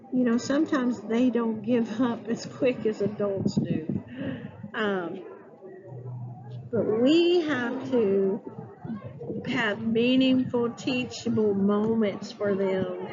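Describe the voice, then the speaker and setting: Slow, deliberate woman teaching teachers. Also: fairly high pitch. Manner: deliberate, spells out words letter by letter. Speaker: early childhood educator. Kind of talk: instructional talk to teachers. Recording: dull lo-fi sound with clear background ambience.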